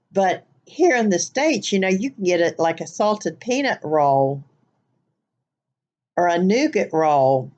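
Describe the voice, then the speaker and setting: Southern lady vlogging, slow and rambly, lowish voice, kinda dull lo-fi sound. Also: a little mellow. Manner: chatty, rambling, with many fillers. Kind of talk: casual accent tag vlog.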